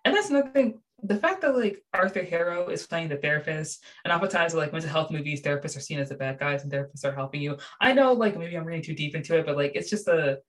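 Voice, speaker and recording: A young woman with a low, deep-set voice talks through a TV show in casual chat. She gushes and gets animated, piling on fillers as she goes. Her tone stays relaxed and unscripted. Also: fast, hardly any pauses. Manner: animated, gushing, many fillers. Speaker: show reviewer.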